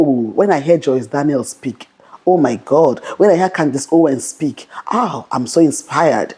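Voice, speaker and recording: A young adult woman vlogger giving a fast, bold motivational Christian talk to camera, often repeating "okay". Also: low voice, warm tone, slightly rough.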